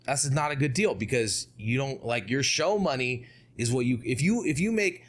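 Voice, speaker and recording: This is a man speaking as a guest on a podcast interview. He talks casually and with animation, and he drives his points home with rhetorical questions and quick asides. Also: medium pitch. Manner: animated, asks rhetorical questions, frequent "you know what I mean".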